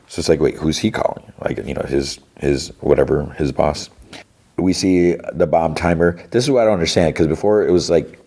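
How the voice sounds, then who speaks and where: Deep voiced guy hosting a podcast, rambly casual recap, kinda halting. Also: a little mellow. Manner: rambling, halting retelling of scenes. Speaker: podcast host.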